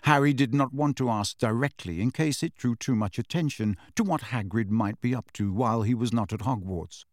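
A man narrates an audiobook in a steady, measured way, at a mid-range pitch. The recording is dry and close, with no room echo.

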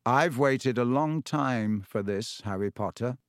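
A man voicing a sinister young man who speaks quietly, calmly and with smug menace. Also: mid-range voice, unhurried, no echo, clean studio sound, natural voice. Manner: quiet, calm, smoothly menacing.

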